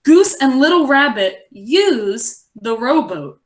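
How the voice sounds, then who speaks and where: Young woman teacher reading a story to kids, bit high voice, lively and encouraging. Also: slow pace. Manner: encouraging, expressive read-aloud. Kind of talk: online class reading lesson.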